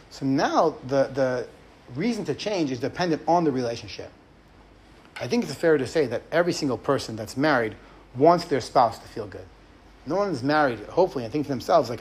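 In his podcast teaching talk, the middle-aged rabbi discusses marriage in an earnest, conversational way and acts out short sample lines. His mid-range voice is expressive and a little mellow, his pace brisk, with a little hiss or hum audible.

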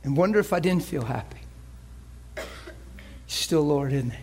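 A man's voice: on the high side, lively intonation, measured pace, darkish tone, slight background noise. A male preacher delivering an emotional sermon, moving between playful banter, laughter and earnest prayer.

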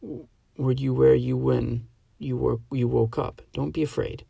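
A frightened woman speaks low and hushed, close to a whisper, as a man reading aloud puts her on. The voice carries a gravelly rasp and sits in a very dry, close sound. She is a storybook figure gripped by dread. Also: fairly even intonation, moderate pace, no room sound. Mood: hushed fearful. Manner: hushed, near-whispering, then crying out. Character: anxious woman, frightened wife.

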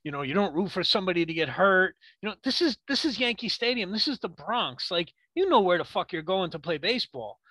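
A man co-hosting a sports podcast, ranting in a heated, profane way with rapid rhetorical questions. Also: sits high, sing-song, pushed and bright, slightly rough, no echo. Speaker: podcast co-host.

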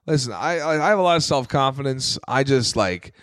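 A man's voice: mid-range voice, lively intonation, a little fast, fairly bright tone, dry recording, clean studio sound. A young man co-hosting a podcast, riffing through crude comedy bits and acting out characters in his stories. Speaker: podcast co-host. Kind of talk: casual crude comedy banter.

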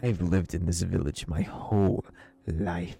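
A man putting on a gruff, unbending village elder. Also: low voice, fairly even intonation, a little slow, dark tone. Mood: reproachful. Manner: gruff, swears, lectures coldly. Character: stern grown male villager, blunt and unbending.

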